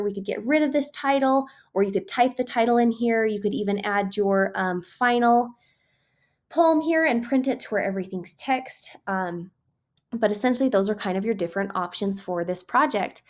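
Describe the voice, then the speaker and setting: A woman teacher walking students step by step through a screen-recorded art tutorial, friendly and patient, with frequent ums. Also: mid-range voice.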